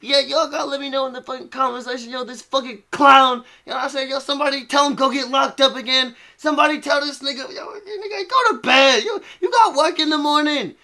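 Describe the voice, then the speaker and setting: Man, high pitch, profane, mocking, rambling rant commentary. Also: fast talker, gravelly, few pauses, sharp tone.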